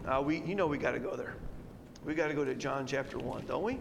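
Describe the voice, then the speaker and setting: A man's voice: medium pitch, fast talker, creaky, slight background noise. A man preaching an expository Bible sermon, emphatic and conversational, with many rhetorical questions to his congregation. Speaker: pastor. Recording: long reverb, faint room ambience.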